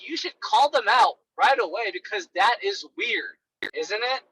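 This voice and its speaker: A man's voice: very high voice, big pitch swings, moderate pace, gravelly, pushed and bright, a little hiss or hum, poor audio. A young man coaching sales calls in a casual, blunt monologue, full of fillers like "right" and "like".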